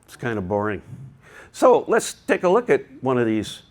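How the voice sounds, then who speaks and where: A man's voice: mid-range voice, huge pitch swings, moderate pace, a little mellow. A man presenting a technical talk to a live conference audience, chatty and digressive, with joking asides. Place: conference hall.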